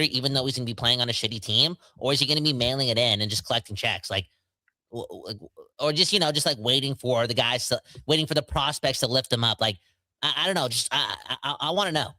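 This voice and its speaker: A man's voice: mid-range voice, bright, forceful tone, no room sound. A man hosting a hockey podcast, joking and rambling with lots of fillers. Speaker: podcast host. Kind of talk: casual podcast chat.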